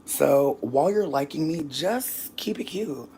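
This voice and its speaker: This young US vlogger chats casually to the camera at a measured pace, lively and brash, rambling and swearing for laughs. A little out of breath, she shifts between muttering softly and bursting out loudly, over a faint background hiss.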